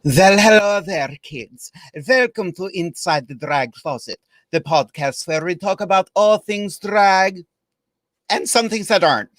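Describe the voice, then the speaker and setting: A man's voice: sits high, expressive, unhurried, fairly bright tone, no echo, voice pushed up. A man voicing a theatrical female vampire countess who plays hostess, welcoming guests with mock grandeur in a put-on accent.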